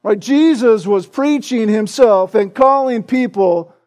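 A man preaching from the pulpit in a strikingly high voice. He drives his points home with emphatic, repeated words and keeps punctuating them with a questioning "right?" to his congregation. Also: a little slow, a little mellow. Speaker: pastor. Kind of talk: sermon.

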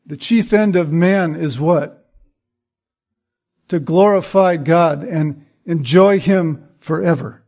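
A man's voice: on the high side, slow, a little mellow. A man preaching a sermon, earnest and emphatic, building points through repetition. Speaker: pastor.

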